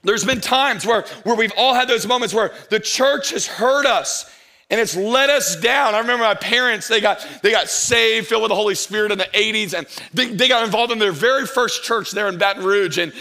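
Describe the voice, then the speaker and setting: A middle-aged man preaching a sermon as a pastor, telling a funny story with acted-out dialogue, then slowing down to make his point. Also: high voice. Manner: animated, humorous, acts out dialogue, slows for emphasis.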